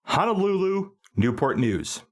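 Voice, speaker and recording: Early-forties male podcast co-host, lively pitch, comic and insistent. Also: a little slow. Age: early 40s. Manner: spins absurd gross-out bits, pushy and animated. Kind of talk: comedic movie podcast chat.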